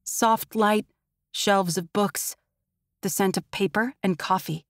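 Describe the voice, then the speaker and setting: A woman's voice: mid-range voice, takes it slowly, no room sound, studio quality. A woman narrating a fantasy audiobook in the first person, with tense and intimate storytelling.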